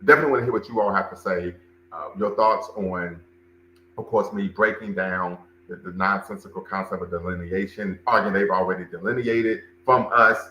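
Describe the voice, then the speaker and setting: A man's voice: low voice, a little fast, pushed and bright, reverberant, a little hiss or hum, rough recording. A man hosting a livestream, commenting and talking with his chat, emphatic and repeating phrases for stress. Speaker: livestream show host and cultural center director.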